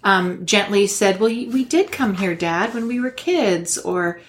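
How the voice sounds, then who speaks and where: Woman, podcast host, gentle, attentive, interview questions, mid pitch. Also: measured pace. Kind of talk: interview conversation.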